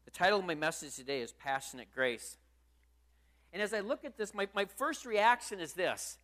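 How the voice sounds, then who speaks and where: A man's voice: high voice, expressive, normal speed, fairly bright tone. A male pastor preaching a sermon in church, emphatic and full of rhetorical questions.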